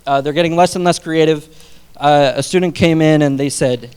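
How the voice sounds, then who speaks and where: A man's voice: fairly high pitch, steady tone, brisk, a little mellow, clear, resonant tone. Young male stand-up, self-deprecating, clean resonant voice, live stage mic. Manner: self-deprecating, chuckles between jokes. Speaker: stand-up comedian. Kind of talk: stand-up comedy set. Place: theater stage before a live audience.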